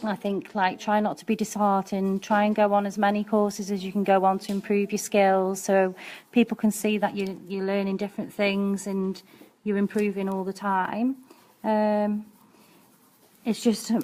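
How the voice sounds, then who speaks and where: A woman's voice: medium pitch, level tone, normal speed, a little mellow. A woman nail technician and educator giving a chatty, practical live-streamed nail art demonstration, with frequent ums as she works.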